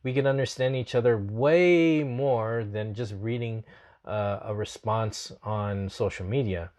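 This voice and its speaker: A man's voice: fairly low pitch, a little slow, a little mellow. A man hosting a casual podcast chat, talking in an earnest, reflective way and laughing often. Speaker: podcast host.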